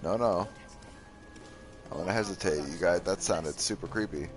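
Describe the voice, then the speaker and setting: A man's voice: low voice, normal speed, soft background music. Joking male game streamer. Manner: playful, riffing, doing silly voices. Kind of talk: joking let's play commentary.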